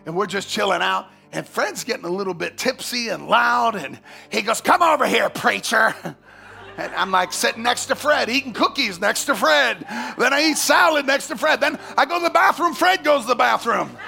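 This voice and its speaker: A male pastor preaching a sermon, telling a story with animated swings from hushed asides to shouts. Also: very high-pitched, moderate pace, creaky, faint music behind.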